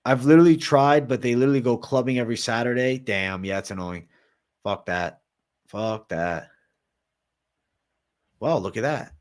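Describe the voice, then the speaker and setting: A man's voice: mid-range voice, quick pace, hardly any pauses, a little mellow. A man from Massachusetts with a Boston accent, hosting a casual livestream, reading chat aloud and answering it with lots of swearing and "bro". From Massachusetts, raised in Florida. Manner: swears freely, reads and answers chat, says bro a lot. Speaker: livestream host.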